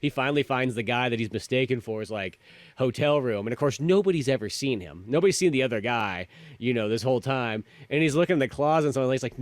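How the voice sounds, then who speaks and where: A man's voice: mid-range voice, lively intonation, quick pace, no echo. A man co-hosting a film review podcast, chatting casually and rambling with many fillers. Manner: rambling, full of filler words and quoted asides. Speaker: podcast co-host.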